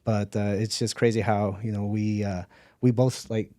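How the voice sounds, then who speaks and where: A man in his forties hosting a podcast, reminiscing in a relaxed way with many "uh" and "I think". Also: on the low side, moderate pace, no room sound, clean studio sound. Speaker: podcast host, real estate agent. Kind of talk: casual podcast interview.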